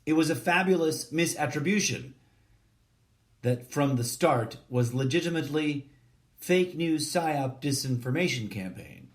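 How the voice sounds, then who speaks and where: A man reading a short story aloud in a deadpan, measured way, even speaking the punctuation and formatting. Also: a little high.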